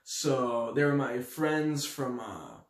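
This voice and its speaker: A young man from Switzerland telling a story to his audience in a slangy, animated way, acting out the quotes loudly. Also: mid-range voice, takes it slowly. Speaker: vlogger. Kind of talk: storytelling to camera. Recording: echoey room.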